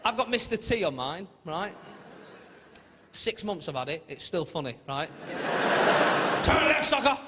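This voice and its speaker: A man's voice: a little high, animated, slow, long pauses, very noisy. A man doing a stand-up comedy routine, chatty storytelling with mimicked voices, recorded live in a large theatre. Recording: live theatre with long reverb and loud crowd. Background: loud audience laughter.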